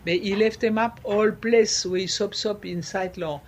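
A man, explaining things in an interview in a halting way, repeating words and slipping into French. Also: sits high, fairly even intonation, slight background noise. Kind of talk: conversational explaining.

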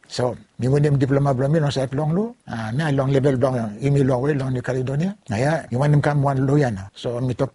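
An older man from Vanuatu speaks with a Bislama pidgin accent, his voice mellow and husky. He recalls his legal career in halting, repetitive phrases, dropping in French words now and then. The sound is close and dry. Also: mid-range voice, no echo. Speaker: lawyer recounting his career. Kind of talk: oral history recollection.

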